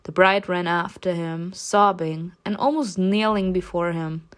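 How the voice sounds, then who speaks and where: Speaking a little slowly in a low-leaning voice, a game player reads a romance story game out loud. She breaks between passages to laugh and toss out playful curses.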